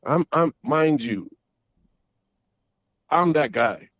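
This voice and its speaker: A middle-aged man phones in and tells a long story in a rambling, halting way, tripping over restarts and fillers. His voice comes through a dull, lo-fi call line. The sound is dry and close, with no room around it. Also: a little high, lively intonation, no echo. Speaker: caller. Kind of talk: casual storytelling.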